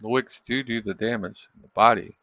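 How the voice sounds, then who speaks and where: A man's voice: on the low side, fairly even intonation, brisk, a bit bright, dry recording. A man hosting a trading livestream, chatting casually over charts and tossing in tag questions like "isn't it?". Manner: loose, chatty, thinking aloud.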